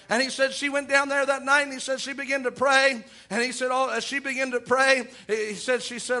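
A man's voice: extremely high pitch, normal speed, pushed and bright. A man preaching a sermon in a folksy storytelling way, often chuckling and repeating "oh my".

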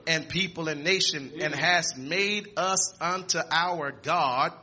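Man, preacher, sermon, high voice, shouts and exclamations. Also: slow, husky. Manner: reading scripture aloud with stumbles and repeats.

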